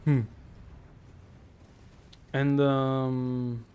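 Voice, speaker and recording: A man's voice: mid-range voice, flat delivery, extremely slow, a little mellow, clean tone. A young Italian man with an Italian accent, chatting casually with his live-stream audience while gaming, hesitant and full of fillers. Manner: hesitant, many fillers and restarts.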